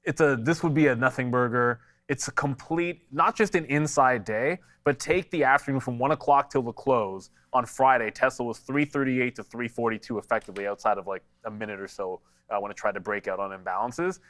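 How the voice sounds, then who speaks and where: A man co-hosting a live market stream, talking trades in a blunt, plain-spoken way. His voice sits at an ordinary middle pitch and sounds a little congested from allergies. He answers viewers' chat questions as he goes. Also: a little fast, hardly any pauses, a bit bright. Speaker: stock market show co-host. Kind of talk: live trading commentary.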